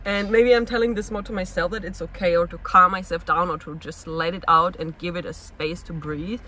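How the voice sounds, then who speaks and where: A woman speaks in a personal confessional vlog, her voice bright and sharp. She sounds restless and searching, piling one question on the next as she talks things through. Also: fairly low pitch, fairly even intonation, fairly quick, slight background noise, rough recording. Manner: searching, restless, asks herself many questions. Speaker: actress and vlogger.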